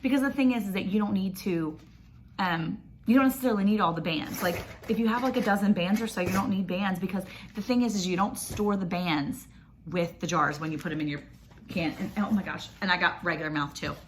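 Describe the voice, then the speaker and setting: A woman, chatting excitedly and gushing as she unboxes a package for her vlog. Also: fairly low pitch, brisk, a little hiss or hum. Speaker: homestead vlogger. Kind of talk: casual unboxing chat.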